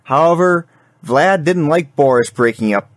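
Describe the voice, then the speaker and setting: A man's voice: a little high, expressive, a little slow, slight background noise. A man hosting a casual gaming podcast, leading the topics and telling news stories plainly. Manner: leads topics, plain storytelling. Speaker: podcast host. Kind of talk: casual chat, reading news items.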